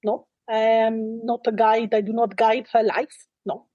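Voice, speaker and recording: A woman channelling an ancient, wise spirit in trance, speaking in a calm, measured and dryly wry way, at times in a soft, breathy near-whisper. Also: a little high, no echo, muffled recording. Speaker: trance medium.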